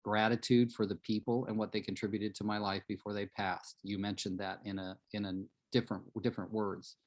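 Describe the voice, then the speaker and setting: A man's voice: lowish voice, flat delivery, a little fast. Earnest motivational male coach. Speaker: real estate coach. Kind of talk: live coaching call.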